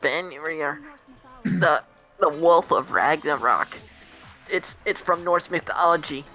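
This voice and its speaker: A woman's voice: sits low, slow, fairly bright tone, soft background music. A woman voicing a nervous bookish girl writer from a game, stammering a little as she talks. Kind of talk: reading a game aloud in character.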